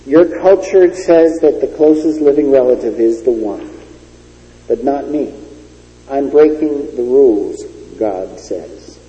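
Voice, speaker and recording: Dark-voiced male preacher in echoey hall. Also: medium pitch, animated, slow. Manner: emphatic, storytelling delivery. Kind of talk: sermon. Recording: dull lo-fi recording in an echoey hall.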